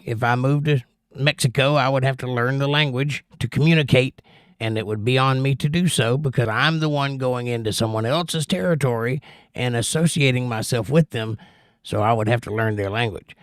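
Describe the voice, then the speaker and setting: A man's voice: medium pitch, normal speed, a bit bright. A man in his usual casual livestream chat, rambling and friendly-paced in reply to his viewers. His voice sits in an ordinary middle register. The sound is dry, with no room echo. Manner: chatty, reads viewer comments aloud and rambles in reply. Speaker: livestream host.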